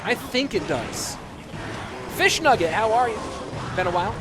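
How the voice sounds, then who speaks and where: A man's voice: high voice, lively intonation, moderate pace, noisy background. An American man casting a game live, chatting with viewers and answering their chat between plays. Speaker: esports commentator. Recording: music behind the voice.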